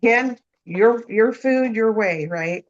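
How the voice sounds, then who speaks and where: A guest food expert cooks live, her voice a little high and unhurried, with the highs cut off. She chats through every step as she works, often ending points with "you know?", "okay?", or "right?"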